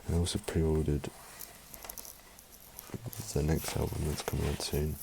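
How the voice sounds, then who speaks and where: A man's voice: rumbling low, little pitch movement, a little slow, background noise. A man vlogging in casual chat, rambling and emotional, swearing often.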